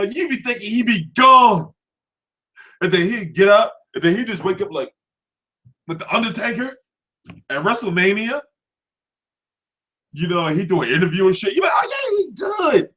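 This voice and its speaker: A man hosts a profane, laughing boxing rant. His voice sits high and leaps all over the place as he acts out what people say. It is loose, casual talk straight to camera. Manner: animated, laughing, mimics voices mid-story. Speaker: boxing commentary host.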